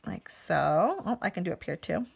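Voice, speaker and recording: A woman's voice: lowish voice, big pitch swings, normal speed, creaky, husky. A woman in her thirties demonstrating card making on a live stream, chatting and laughing as she answers viewer comments.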